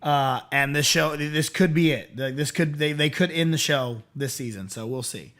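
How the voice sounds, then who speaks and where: A young man co-hosting a casual chat about TV shows, talking in an animated way and acting out quoted lines. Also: fairly high pitch, normal speed. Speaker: co-host.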